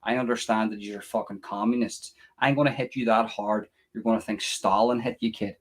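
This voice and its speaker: A man's voice: lowish voice, steady tone, brisk. A man with an Irish accent, a little drunk, hosting a casual live stream from home with profane rants. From Ireland. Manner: profane, ranting and mocking. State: a bit drunk. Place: room at home.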